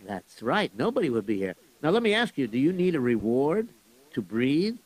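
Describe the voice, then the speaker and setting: A man's voice: mid-range voice, big pitch swings, normal speed, darkish tone, low-quality recording. A man hosting a children's radio show, explaining and telling stories in a patient, teacherly way. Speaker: host and storyteller.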